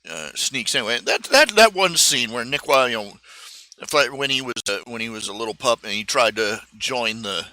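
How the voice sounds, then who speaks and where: A man hosting a live stream, talking in a casual, halting monologue full of fillers and restarts. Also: medium pitch, animated, sharp tone, no echo. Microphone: streaming microphone.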